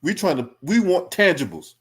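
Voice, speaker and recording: Man, angry political reaction stream, confrontational, profane, somewhat high pitch. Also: big pitch swings, moderate pace. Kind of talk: heated reaction commentary.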